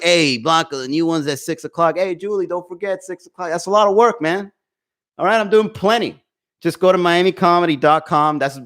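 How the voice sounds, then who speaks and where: A man hosts a live comedy podcast from home, talking into a desk mic. His voice sits a little high for a man, and he swears freely while calling out chat viewers by name. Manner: profane, animated, talks to chat viewers. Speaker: podcast host. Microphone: desk microphone.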